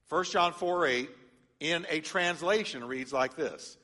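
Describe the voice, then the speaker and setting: Male pastor, lively teaching sermon, bright tone, long reverb of a church hall. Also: fairly high pitch, slow pace. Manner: animated, engages congregation with call-and-response. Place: church sanctuary.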